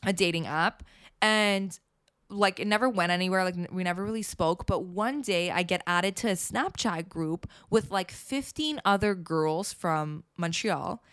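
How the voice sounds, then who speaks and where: A young woman co-hosting a podcast, telling stories in an animated, casual way and swearing freely. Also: on the low side, a little slow, smooth, no room sound, studio quality. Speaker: podcast co-host. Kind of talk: casual chat.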